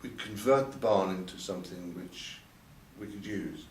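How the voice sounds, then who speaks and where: Speaking at a normal speed in a low register, this older man looks back on his life in a frank interview, stumbling over repeated words and raising his voice when quoting people. The event-venue recording sounds roomy from a far-off mic, with faint ambience and a bit of hiss or hum.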